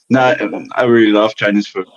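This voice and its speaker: Chatty man on lo-fi stream audio. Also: on the low side. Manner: rambling, chatty, many fillers and restarts. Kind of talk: casual live-stream chat. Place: home in Germany.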